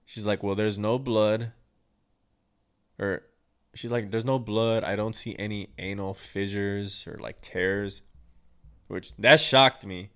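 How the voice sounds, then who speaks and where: Man, low-ish voice, casual podcast storytelling, blunt, crude, rambling. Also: level tone, takes it slowly, clean tone. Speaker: podcast host.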